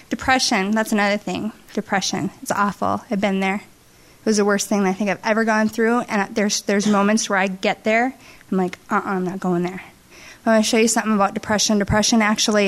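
A woman giving an emotional, halting testimony to a church congregation, tearful and heartfelt. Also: mid-range voice. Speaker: church member sharing testimony. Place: church service.

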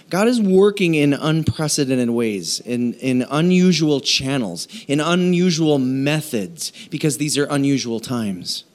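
A man preaching a sermon, telling stories and acting out quoted voices, with halting restarts between phrases. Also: a little high. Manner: storytelling with animated quoted voices. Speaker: pastor.

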